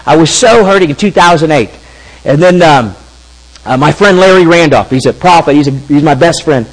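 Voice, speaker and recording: A man in his fifties telling a story in a sermon, talking conversationally and acting out quoted speech in lively asides. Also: a little high, moderate pace, rough recording. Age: 50s. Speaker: preacher.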